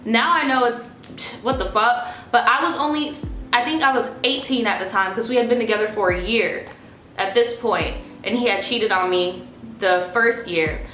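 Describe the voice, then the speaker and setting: Bright-voiced young woman, blunt and profane. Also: a little high, normal speed, slight background noise. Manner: blunt and profane, acting out quoted lines with rising emotion. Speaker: vlogger. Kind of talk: casual storytime monologue. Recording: echoey room with faint music.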